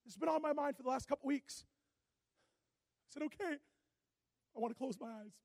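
A man preaches a sermon, recounting a personal story and voicing both sides of the dialogue as he moves from hushed to loud. His voice is very high-pitched and brisk, with no echo.

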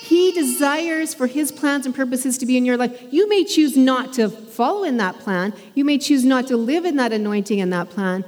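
Woman preacher, chatty sermon delivery, slightly high voice, long hall echo. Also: expressive, normal speed, hardly any pauses, darkish tone. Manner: conversational with laughs and fillers.

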